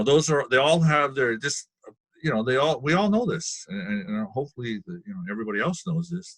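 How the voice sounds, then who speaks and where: Husky low-voiced guy on a video call panel, rambly, keeps saying right, dry sound. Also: a bit bright, no echo. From Canada. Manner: rambling, often asks "right?", laughs often. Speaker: webinar panelist. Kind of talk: casual panel discussion.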